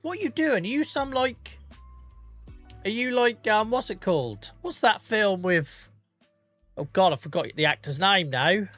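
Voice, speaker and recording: A man in his forties, live streaming a farming game and chatting casually with his chat, joking, laughing often and greeting viewers by name on a boom-arm mic. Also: lively intonation, unhurried, a bit bright, soft background music. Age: 40s. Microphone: boom-arm microphone.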